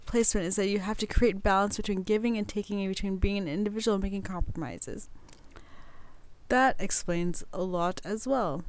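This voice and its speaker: A young woman chats casually as she reads astrology notes aloud, often stumbling over words and cursing offhandedly. Her voice is smooth and clear, and the sound is dry and close with no room echo. She sits at a mid pitch for a woman. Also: a little mellow. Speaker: podcast host.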